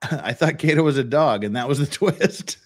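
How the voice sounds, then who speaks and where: A man's voice: mid-range voice, moderate pace, husky. A man hosting a podcast who talks through trial footage in a blunt, opinionated way, often restarting his sentences. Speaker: podcast host. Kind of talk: casual commentary on trial footage.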